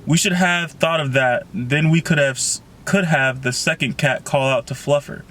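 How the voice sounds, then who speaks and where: A man's voice: fairly high pitch, normal speed, a bit bright, natural voice. A man reading the lines of a bold, tough teenage girl, in an eager, raised voice.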